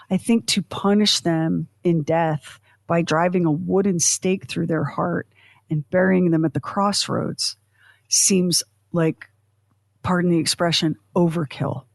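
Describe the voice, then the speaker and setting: A woman co-hosting a podcast, in chatty, animated casual talk full of fillers and asides. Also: fairly low pitch, gravelly, no room sound. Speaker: podcast co-host. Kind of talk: casual chat.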